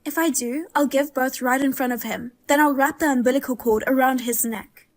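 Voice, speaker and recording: A woman plays a heavily pregnant young wife with a high, light voice. She is suspicious and indignant, with a wry, grim humor in this dramatized story. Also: a little fast. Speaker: pregnant daughter-in-law.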